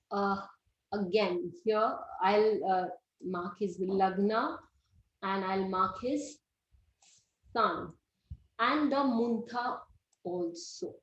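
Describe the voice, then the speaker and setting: A woman's voice: on the high side, fairly bright tone. A middle-aged woman gives a classroom lecture, explaining step by step and quizzing her students. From India. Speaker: astrology teacher. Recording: roomy, slightly dull recording.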